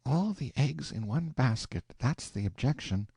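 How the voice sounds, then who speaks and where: A man's voice: mid-range voice, lively intonation, unhurried, creaky, dark tone, breathy edge, dry recording, clean studio sound, voice pushed up, exaggerated voice. A man voicing a prim, prudent middle-aged wife in an audiobook, reproving and careful with money. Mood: patient. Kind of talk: audiobook character voice.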